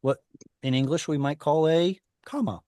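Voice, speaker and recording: A man's voice: on the high side, moderate pace, dark tone, no echo, clean studio sound. A man teaching a Hebrew class over a video call, explaining rules step by step and quizzing the students as he goes. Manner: patient, explains step by step, asks the class questions.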